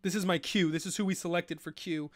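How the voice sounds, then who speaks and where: A young man with a high-pitched voice and a slightly fast delivery hosts a live fantasy football show, recorded with no echo. It's casual live-streamed commentary in which he gets excitable, swears and rants in frustration.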